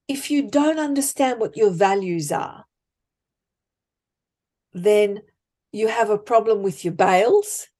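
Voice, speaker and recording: A woman life coach, speaking emphatically and deliberately as a podcast guest. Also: on the high side, a little mellow. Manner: emphatic, deliberate, acts out example thoughts. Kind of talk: conversational coaching talk.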